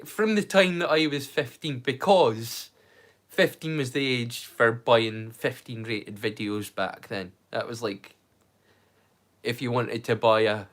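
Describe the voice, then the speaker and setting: A man's voice: medium pitch, a bit bright. A Scottish man in his thirties chatting casually on a livestream, rambling and often repeating his first words. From Scotland. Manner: rambling, repeats words when starting sentences. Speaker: livestream host.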